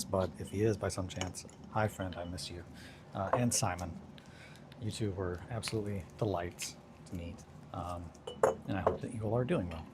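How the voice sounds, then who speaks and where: A young man streaming a casual chat, telling rambling stories with lots of swearing and sudden bursts of excitement. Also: deep voice, vocal fry, noisy background.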